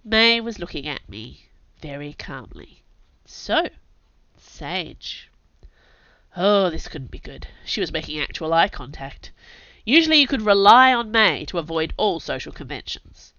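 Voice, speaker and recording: A woman's voice: lowish voice, very animated, unhurried, sharp tone, dry recording, highs cut off. A woman narrating a first-person novel in a wry, sardonic storytelling manner. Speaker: audiobook narrator.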